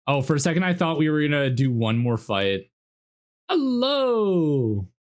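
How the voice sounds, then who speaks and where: A young Canadian man with a Canadian accent chatting excitedly while streaming a game. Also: mid-range voice, a little fast. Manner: excitable, animated. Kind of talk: casual gameplay commentary.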